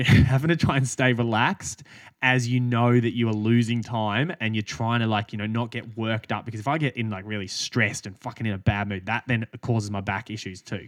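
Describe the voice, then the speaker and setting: A man's voice: mid-range voice, steady tone, a little fast, no room sound. A young adult Australian man co-hosting a podcast, rambling through a story with casual swearing and laughs. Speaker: podcast co-host. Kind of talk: casual chat.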